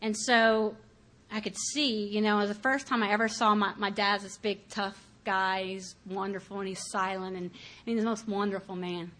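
A woman's voice: medium pitch, steady tone, moderate pace, a bit bright. A woman giving a candid personal testimony about her recovery, talking conversationally with many fillers and acting out her past thoughts. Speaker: speaker sharing her recovery story.

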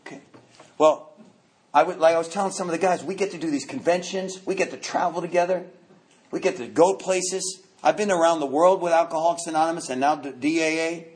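His voice is a little high and his pace brisk as this new man from New York tells his recovery story to a recovery meeting. He jokes and stays animated, repeating words as he restarts.

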